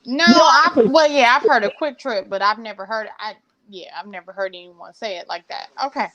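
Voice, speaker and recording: A woman co-hosting a casual chat, chatty and quick to agree. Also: on the high side, fairly bright tone, highs cut off.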